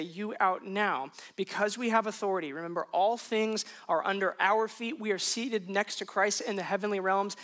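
A man preaching a sermon to a congregation, conversational and animated, breaking into emphatic punchlines. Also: high-pitched. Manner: conversational, self-questioning asides. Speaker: pastor.

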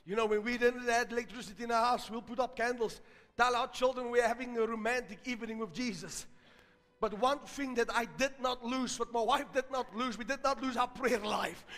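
A South African man preaching a sermon, telling stories and building to loud, emphatic exhortation. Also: very high voice, fairly even intonation, fairly quick, big-room sound.

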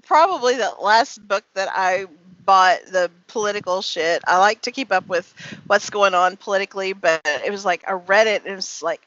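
A woman's voice: mid-range voice, moderate pace, fairly bright tone. A tipsy woman author being interviewed on a video call, giggling, swearing and rambling. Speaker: author guest. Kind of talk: casual podcast interview. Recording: dry, dull lo-fi call audio.

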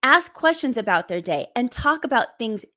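A woman with a slightly high voice gives parenting advice straight to the listener. She talks in an emphatic, direct way and laughs lightly between points. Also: sing-song, moderate pace, bright, forceful tone. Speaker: parenting coach.

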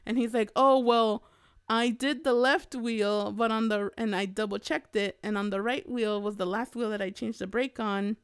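A young woman co-hosting a podcast, telling a story in casual chat and acting out the quoted voices with big jumps in pitch. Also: steady tone, normal speed, clear, resonant tone, dry recording, clean studio sound. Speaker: podcast co-host.

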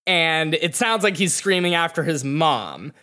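A game master narrating a tabletop role-play game in slow, descriptive sentences. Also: medium pitch, expressive, sharp tone.

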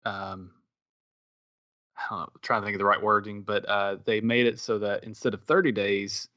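A man's voice: lowish voice, steady tone, normal speed, pushed and bright, no echo, highs cut off. A middle-aged man co-hosting a podcast, thinking aloud in casual chat, often restarting his sentences. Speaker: podcast co-host.

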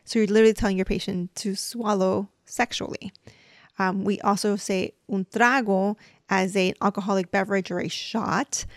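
A woman's voice: mid-range voice, steady tone, moderate pace, dry recording, clean studio sound. A woman hosting a podcast as a dental hygienist, giving a casual lesson in a chatty, explanatory way and coaching her listeners.

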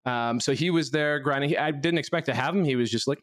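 A man's voice: medium pitch, fast, hardly any pauses, dry recording, studio quality. A man from Canada co-hosting a casual podcast chat, telling stories in a rambling, self-deprecating way. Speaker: show co-host.

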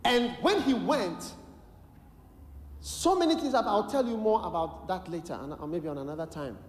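A man with a Ghanaian English accent preaching a sermon, telling a story with lively acted-out voices and bursts of shouted prayer. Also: high-pitched, normal speed, slight background noise. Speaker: bishop preaching. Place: large church hall. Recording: echoey large hall, live sermon.

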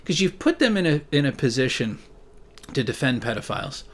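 A man talking casually to his viewers, reading their messages aloud and rambling, with frequent swearing and sudden loud rants. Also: medium pitch, sing-song, a little fast. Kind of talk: casual profane monologue.

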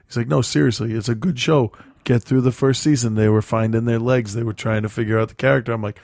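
A man's voice: medium pitch, fairly even intonation, moderate pace, a little mellow, no echo, clean studio sound. A man in casual chat, easygoing and talkative, encouraging his friend to keep watching a show.

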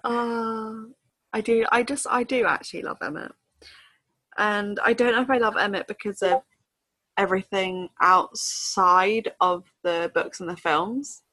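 Chatty bright woman with a creaky edge. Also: medium pitch, unhurried, dry recording. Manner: chatty, acts out quotes in silly voices. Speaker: podcast co-host. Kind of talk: casual book discussion.

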